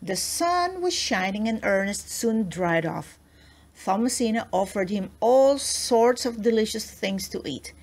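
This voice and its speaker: A woman reading a children's storybook aloud, with gentle storytelling and voices for the characters. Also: mid-range voice, expressive, unhurried, slight background noise. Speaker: children's book reader.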